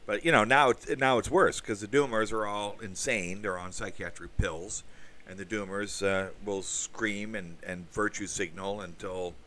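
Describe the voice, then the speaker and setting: Heard from a distance over slight background noise, the man has a fairly low, bright, forceful voice with fairly even intonation, a normal speed, and few pauses. He hosts a casual podcast livestream, reading chat aloud in a rambling way, full of asides and occasional crude swearing.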